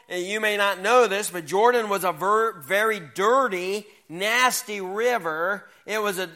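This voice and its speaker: A man teaching a Bible lesson to young people, reading scripture slowly and quizzing the class. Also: high-pitched, bright, forceful tone.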